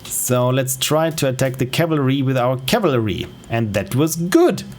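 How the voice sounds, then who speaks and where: A man's voice: medium pitch, lively intonation, normal speed, a little mellow, a little hiss or hum. A man with a German accent giving casual, think-aloud commentary as he plays a strategy game on stream. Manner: thinking aloud, with frequent fillers and self-corrections.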